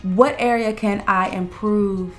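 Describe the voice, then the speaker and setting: A woman's voice: mid-range voice, fairly even intonation. Woman co-host, earnest advice-giver, explains step by step, faint music under the talk. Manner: earnest, explains step by step, slows down on key words. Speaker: co-host of a couples channel. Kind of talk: casual relationship advice chat.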